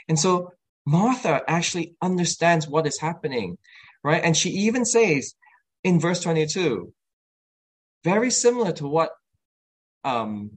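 A man's voice: slightly rough, rough recording. Earnest man preaching a sermon. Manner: earnest, acts out quoted lines with rising pitch; halting with restarts and fillers.

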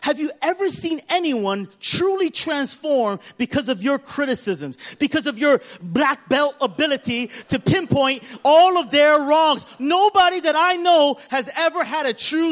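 A man, a pastor, preaching an animated sermon that swings from loud, emphatic passages to hushed, quiet ones. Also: very high voice, unhurried, few pauses.

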